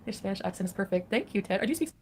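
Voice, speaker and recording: A woman's voice: medium pitch, animated, rapid-fire, a little mellow, a little hiss or hum. A woman chatting casually on a livestream, reading and answering viewer comments with frequent laughs. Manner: chatty, laughs between greetings. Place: home in Kuwait.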